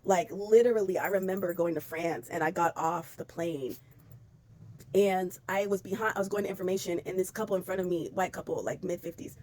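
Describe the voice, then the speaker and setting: A woman ranting bluntly on camera, swearing freely and talking in an animated, exasperated way. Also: fairly low pitch, brisk. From United States. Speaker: vlogger. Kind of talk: casual commentary rant.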